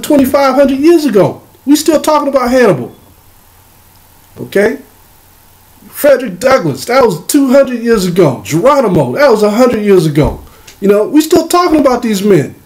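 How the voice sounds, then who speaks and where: A man teaching a religious lesson. He reads verses slowly and then explains them in loose, casual speech. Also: sits high, a little mellow. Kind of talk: scripture reading with commentary.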